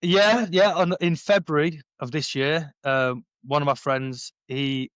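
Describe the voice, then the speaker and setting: A man in his thirties, a former paratrooper, telling his story in a casual podcast interview, animated and acting out quoted dialogue. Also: a little high, measured pace, clean tone, no room sound, muffled recording. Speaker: podcast guest, former paratrooper and bare knuckle fighter. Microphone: headphones on, sitting at a podcast mic.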